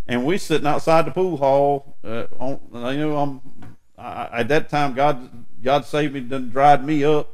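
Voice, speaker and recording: A man's voice: mid-range voice, unhurried. Folksy man telling a story. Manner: folksy, animated storytelling with acted dialogue. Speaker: preacher telling his testimony. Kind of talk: storytelling sermon.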